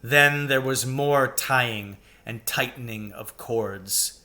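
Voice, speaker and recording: Man reading a chapter book aloud, unhurried, bright, clear tone. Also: medium pitch. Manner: slow, deliberate storytelling. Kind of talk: reading a children's novel aloud.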